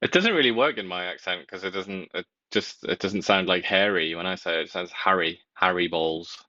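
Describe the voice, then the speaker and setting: A low-voiced man adds dry, wry jokes as co-host of a casual political chat. His voice comes through a muffled, lo-fi mic with no room sound at all. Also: a little fast, sharp tone, no echo. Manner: wry, dryly joking.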